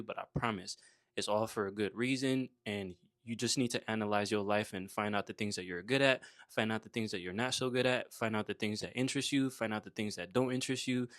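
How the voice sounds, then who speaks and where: Young man, from saint croix, casual storytelling, slangy and laid-back, lowish voice, dry close sound. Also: fairly bright tone, no room sound. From Saint Croix, US Virgin Islands. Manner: slangy and laid-back, peppered with "bruh" and "you feel me". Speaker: motivational vlogger.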